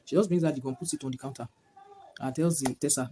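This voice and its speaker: A man's voice: medium pitch, quick pace, warm tone, slight background noise. A man giving a casual movie review to camera, retelling the plot in a rambling way full of "like" and "whatnot".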